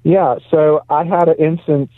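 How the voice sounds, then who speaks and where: A man's voice: fairly high pitch, fairly even intonation, a little slow, no echo. A male pastor calling in as a guest from a parked car, telling chatty stories and laughing easily. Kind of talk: casual storytelling. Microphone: phone call. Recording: tinny phone line.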